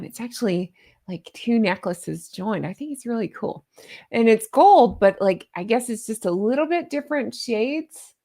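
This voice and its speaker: Chatty, giggly woman with a gravelly edge. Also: fairly high pitch, a bit bright. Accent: American Southern, slight. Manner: chatty and giggly, rambling, self-teasing. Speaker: vlogger. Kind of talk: casual chat to camera.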